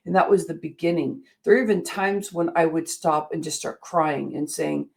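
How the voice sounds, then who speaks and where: A woman's voice: low voice, normal speed, creaky, hardly any pauses, darkish tone. A middle-aged woman hosting a motivational show, telling a personal story in an earnest, emphatic way. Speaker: show host.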